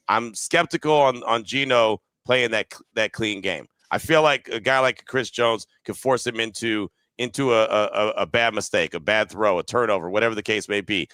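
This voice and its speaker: Bright-voiced man hosting a sports podcast. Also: mid-range voice, normal speed, hardly any pauses, no room sound. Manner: analytical, often ends points with "right?". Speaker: podcast host. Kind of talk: casual sports podcast talk.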